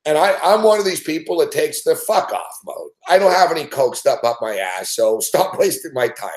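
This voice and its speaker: A man's voice: on the high side, lively intonation, moderate pace. Brash, foul-mouthed man ranting. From Canada. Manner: rambling, brash, swears constantly, laughs often. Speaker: host. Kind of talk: profane late-night betting chat.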